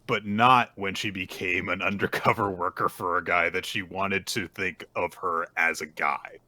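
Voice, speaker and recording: A man's voice: low voice, steady tone, moderate pace, bright, forceful tone, no echo. A man co-hosting a podcast, making wry, joking asides in casual chat. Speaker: podcast co-host.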